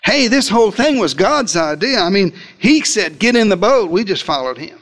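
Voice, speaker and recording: A man's voice: high voice, sing-song, moderate pace, fairly bright tone. A man playing a grumbling, scared disciple. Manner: complaining, groaning. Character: grumbling frightened male disciple in a storm.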